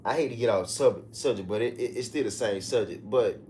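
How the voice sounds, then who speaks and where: Profane, animated man ranting on a livestream. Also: brisk, slight background noise. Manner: animated, profane, mocking rants with sudden high-pitched outbursts. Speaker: livestream host. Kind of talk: casual livestream commentary.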